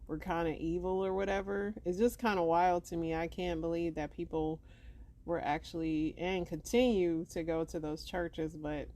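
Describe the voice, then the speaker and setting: A woman hosting a podcast, musing aloud in loose, halting casual commentary. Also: lowish voice, dark tone. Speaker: podcast host.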